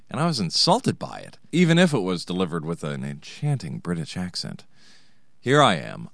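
Deep-voiced American male storyteller with a wry, sarcastic, digressive manner and a lively delivery. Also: dry recording, clean studio sound. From United States. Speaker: narrator, host. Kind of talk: comic personal storytelling.

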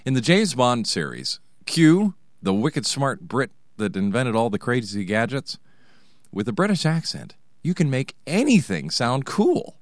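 A man's voice: mid-range voice, sing-song, unhurried, no echo, clean studio sound. An American man with a wry, sarcastic, digressive manner, telling a comic personal story. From United States. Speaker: narrator, host.

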